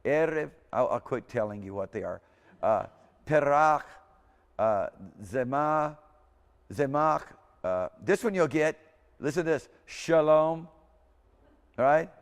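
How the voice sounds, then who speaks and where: A man's voice: a little high, expressive, slow pace, pauses often, clean tone. A man lecturing a class in an informal, rambling way, correcting himself as he goes and repeating words aloud for students. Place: lecture hall. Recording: hall reverb.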